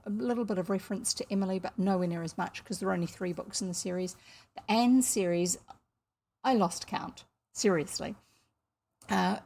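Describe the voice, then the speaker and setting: Woman with a New Zealand accent, casual and rambling, gravelly and slightly husky voice; at-home desk mic. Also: lowish voice, darkish tone. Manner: rambling, chatty, self-correcting. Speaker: audiobook reader. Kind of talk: casual chat before a reading. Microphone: desk microphone.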